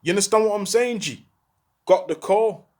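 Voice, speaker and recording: Urgent high-voiced talker. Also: male voice, normal speed, darkish tone. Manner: urgent, repeats rhetorical questions, heavy street slang. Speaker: former prisoner speaking out. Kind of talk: impassioned monologue to camera.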